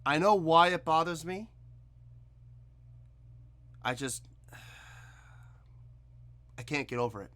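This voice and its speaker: Man, music reaction host; bright, forceful delivery, exasperated critic. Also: a little high, lively intonation, slow, long pauses, a little hiss or hum. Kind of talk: reaction commentary to camera.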